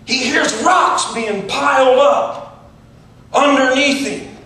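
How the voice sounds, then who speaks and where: A man preaching a dramatic storytelling sermon, swinging from shouted peaks down to hushed, breathy near-whispers. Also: extremely high pitch, takes it slowly, far from the mic. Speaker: pastor. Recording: very echoey room, picked up from afar.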